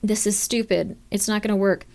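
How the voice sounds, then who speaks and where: A woman streamer chatting casually with her viewers, rambling and upbeat, with lots of fillers and restarts, jumping high into excited quoted voices. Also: brisk, creaky.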